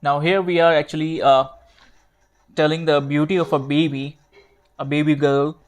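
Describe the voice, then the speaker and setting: Man, teacher, slightly high voice, slow repetitive explaining, self-corrections. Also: little pitch movement. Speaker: English teacher. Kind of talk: explaining grammar while writing.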